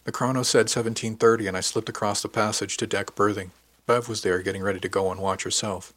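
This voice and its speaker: A man's voice: lowish voice, fairly even intonation, fast talker, fairly bright tone, no echo. A man narrating a first-person audiobook in an easygoing, conversational way.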